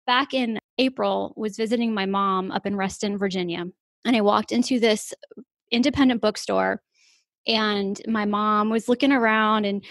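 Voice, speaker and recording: A woman's voice: mid-range voice, fairly even intonation, normal speed, a bit bright, no echo, clean studio sound. A woman hosting a podcast about therapy, chatty and effusive, laughing often as she talks. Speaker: podcast host. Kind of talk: podcast interview.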